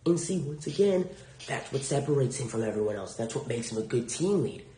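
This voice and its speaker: A man's voice: mid-range voice, animated, fairly quick, dark tone. A young adult man hosting a solo podcast, telling a work story bluntly and indignantly, with frequent swearing. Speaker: podcast host. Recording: roomy echo.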